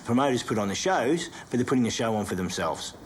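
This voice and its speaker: A man's voice: medium pitch, very animated, quick pace, noisy background. A man with an Australian accent speaking critically in a documentary interview.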